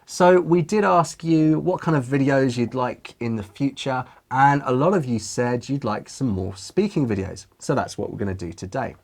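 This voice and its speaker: A man from London co-hosting an English exam lesson, chatting and then giving a relaxed spoken answer. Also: medium pitch, normal speed, gravelly, hardly any pauses. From London, England. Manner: chatty, explains with examples. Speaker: IELTS teacher, co-host. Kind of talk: casual lesson and mock speaking answer.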